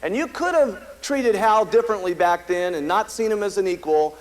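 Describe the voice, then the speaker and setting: Telling stories at a company meeting, an American man who founded the company gives a live audience an emphatic, repetitive motivational speech. His high-pitched voice has lively intonation at a normal speed, and the recording is low quality.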